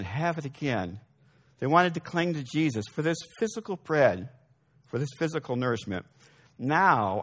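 A man preaching a sermon, moving between loud emphasis and soft, quiet asides. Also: mid-range voice. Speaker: pastor.

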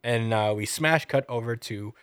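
A man's voice: mid-range voice, normal speed, clear, resonant tone, no echo, studio quality. A man co-hosting a casual podcast, rambling through a chapter recap and acting out the characters' lines. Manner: rambling, quotes characters in a lively acted-out way. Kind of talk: casual chat.

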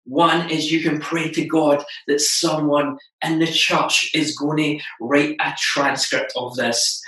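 A man's voice: fairly high pitch, level tone, slow, pushed and bright. Man, Scottish accent, pastor, recorded sermon, distant mic, heavy echo. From Scotland. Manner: joking, self-deprecating, Scottish words like wee. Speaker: guest pastor.

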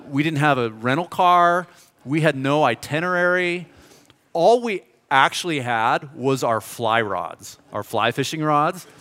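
A middle-aged American man preaching a sermon, telling a story in an animated, joking, conversational way. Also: fairly high pitch, clear, resonant tone. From United States. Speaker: pastor. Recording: reverberant hall.

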